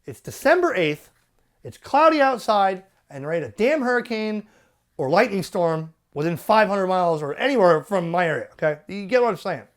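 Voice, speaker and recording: A man hosting a ham radio channel, ranting with exasperation and the odd curse. His pitch swings widely as he gets worked up. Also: normal speed. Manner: animated, profane, exasperated. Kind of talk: ranting commentary.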